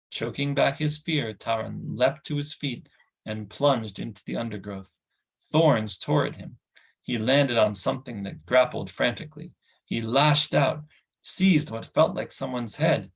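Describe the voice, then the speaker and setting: Man reading a fantasy novel aloud, husky voice, middle pitch, steady narration. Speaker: audiobook reader.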